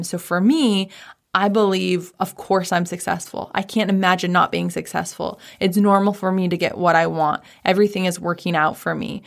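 A woman's voice: on the low side, gravelly. A woman speaking as a business coach in a casual, upbeat talk from her home office, chatty and full of "like".

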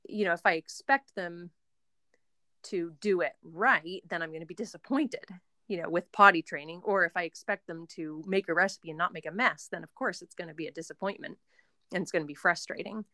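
A young mother appears as a guest in a casual interview chat, speaking fairly quickly in a low, bright, forceful voice. She's chatty and rambling, with frequent fillers and restarts, and the close-miked recording is dry with no room sound.

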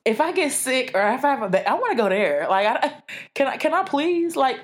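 A woman's voice: high voice, fairly quick. A young woman co-hosting a podcast, joking and cursing freely in casual chat, laughing often. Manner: animated, joking, profane, laughs a lot. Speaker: podcast co-host.

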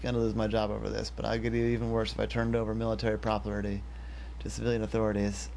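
A man's voice: lowish voice, monotone, fast, creaky, a little mellow, slight background noise. A man telling the lines of a flustered engineer mother. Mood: fretful. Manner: rambling, fretful.

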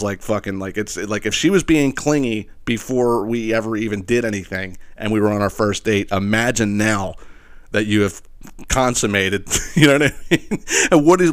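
A man telling a rambling, profane story, with many restarts and fillers, acting out the other people's lines in squealed voices. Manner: acts out quoted voices, squealing high for the woman. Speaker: podcast host. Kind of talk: casual storytelling monologue.

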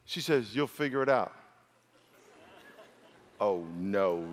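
A pastor from New York preaching a humorous sermon, acting out dialogue between stories. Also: male voice, big pitch swings, measured pace, pauses often, a bit bright, slight background noise. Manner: storytelling, acts out dialogue with big pitch swings and laughs. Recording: long hall reverb.

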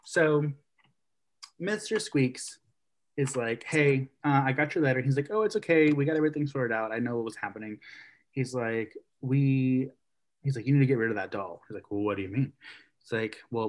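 Casual podcast guy retelling a story. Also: mid-range voice. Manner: animated storyteller, acts out characters' lines.

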